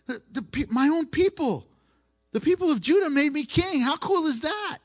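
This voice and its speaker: A man's voice: very high-pitched, normal speed, pitched above the performer's own voice. A preacher putting on a delighted young king. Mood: proud, delighted. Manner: bright, boastful, excited exclaiming. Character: young proud man newly made king, delighted.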